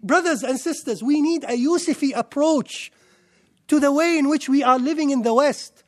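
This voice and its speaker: A man giving an impassioned religious lecture to a live audience, excitable and firing rhetorical questions at the listeners. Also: extremely high pitch, moderate pace. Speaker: Islamic lecturer.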